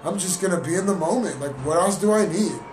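A man's voice: high voice, quick pace, darkish tone, slight background noise. A young man, telling a story in casual chat, slangy and swearing, switching between English and Spanish. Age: young adult. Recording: roomy distant mic with music. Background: music.

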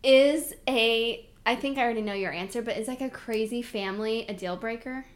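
Young woman reacting with quick laughs. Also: on the high side. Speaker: podcast co-host. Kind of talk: casual chat.

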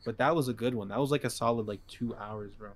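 Young dude rambling on a podcast, slangy, kinda loose. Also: male voice, mid-range voice, quick pace, a crowd in the background. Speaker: podcast co-host. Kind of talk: casual chat.

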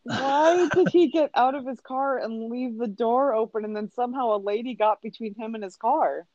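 A woman's voice: a little high, moderate pace, a little mellow, no room sound. A woman co-hosting a casual podcast, asking wry questions and laughing easily. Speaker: podcast co-host. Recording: dull, lo-fi.

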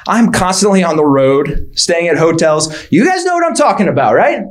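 High, lively stand-up comedian man. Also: moderate pace. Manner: exaggerated, building to shouted punchlines. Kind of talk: stand-up routine.

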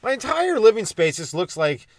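Comedian guy rambling thru his podcast, trips over his words a lot, laughs off his own dark jokes, dry close sound. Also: sits high, big pitch swings, moderate pace, dry recording. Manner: self-deprecating, stumbling and restarting, dark jokes. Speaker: stand-up comedian hosting a podcast.

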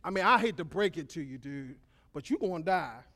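A man's voice: on the high side, lively intonation, fairly quick, fairly bright tone, voice pushed down. A man voicing a pushy crowd of ancient townspeople who demand things in slang during a sermon.

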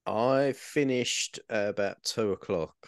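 Laid-back man, low voice. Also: slow, gravelly, smooth, no echo, clean studio sound. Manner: laid-back, sweary, quotes people in little voices. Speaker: podcast co-host. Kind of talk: casual chat.

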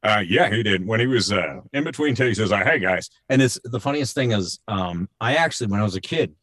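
A middle-aged man, a voice actor guest on a show, telling animated stories in casual chat and slipping into quick impressions. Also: on the low side, no room sound, studio quality.

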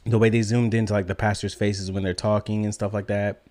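A man co-hosting a podcast in casual chat, animated and emphatic, with slangy talk and frequent laughter. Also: on the low side, fairly quick. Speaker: podcast co-host.

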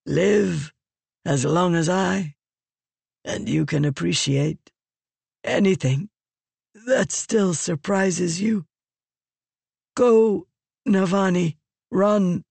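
A narrator voicing a dying ancient female Fused, croaking in slow, broken phrases for an audiobook. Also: mid-range voice, a little mellow, dry recording, pitched above the performer's own voice, full character voice. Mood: resigned. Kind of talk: audiobook character reading.

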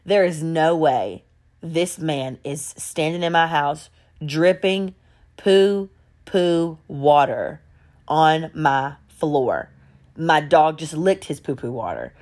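Woman playing a flustered lady, firm, talking a bit lower. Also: expressive, brisk. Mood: exasperated. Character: shocked woman desperate to get rid of a guest.

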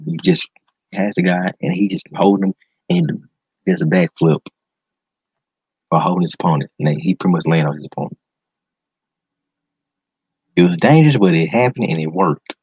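A man's voice: fairly low pitch, darkish tone, slightly rough, no echo. A man hosting a casual solo podcast, talking in an enthusiastic, slangy way and repeating words for emphasis. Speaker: podcast host. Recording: dull lo-fi sound, dry close mic.

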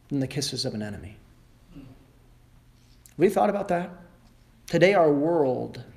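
A male pastor preaching a sermon emphatically, rising sharply in pitch and volume at his high points and mimicking other people sarcastically. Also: creaky. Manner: emphatic preaching with wide swings in pitch and loudness; mocking voices of the world in sarcastic asides.

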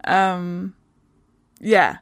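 A Danish woman with a Danish accent hosts a podcast, opening with a casual, unscripted intro. Her fairly low voice sounds tired and halting, and she stops mid-sentence; the recording is dry and studio quality.

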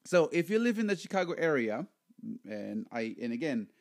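A man hosting a casual podcast chat. He is jokey and animated, and he often repeats his words. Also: a little high, normal speed. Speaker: podcast host.

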